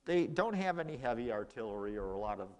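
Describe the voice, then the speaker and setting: A man's voice: mid-range voice, very animated, quick pace, big-room sound. A man giving a casual history lecture in a lecture room, telling it as a story and acting out the quoted exchanges.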